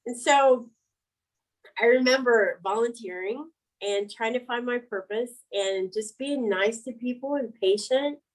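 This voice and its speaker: A middle-aged woman, an interview guest, telling her story candidly, frank and animated, laughing between words. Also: a little high, unhurried, rough recording.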